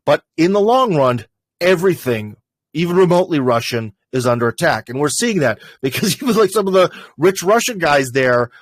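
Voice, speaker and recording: A man's voice: on the high side, sing-song, moderate pace, no room sound. A man with an American accent hosting a livestream, talking casually through a list of questions with many fillers and restarts. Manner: rambling, conversational, lots of fillers and restarts. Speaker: livestream host.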